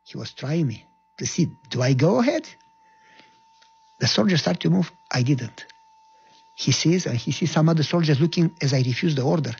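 A man telling a personal story, acting out the dialogue with lively energy. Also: a little high, moderate pace, gravelly, pauses often, breathy edge, highs cut off. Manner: animated, acts out dialogue.

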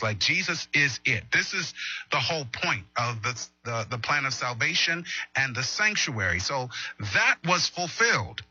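Bright, husky-voiced man preaching. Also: medium pitch, no echo, muffled recording. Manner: earnest, repeats and restarts, asks the audience questions. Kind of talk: morning Bible teaching on a livestream.

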